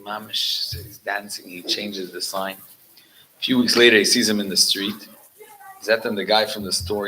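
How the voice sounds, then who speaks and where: A guest rabbi with a lowish voice tells stories at a religious gathering, restarting often and mixing Yiddish and Hebrew words into his animated delivery. The recording is low quality, with a little hiss or hum.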